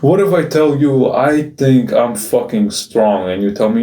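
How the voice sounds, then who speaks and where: A man's voice: on the low side, a little mellow. Raw, swearing man in an echoey room. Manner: raw, emotional, swears often, halting restarts. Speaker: video journal host. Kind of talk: confessional video diary. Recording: roomy echo, mic at a distance.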